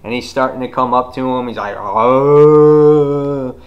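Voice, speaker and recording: A man giving a casual, rambling comic book review, full of fillers and retelling scenes with sudden loud outbursts. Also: medium pitch, level tone, fast, muffled recording.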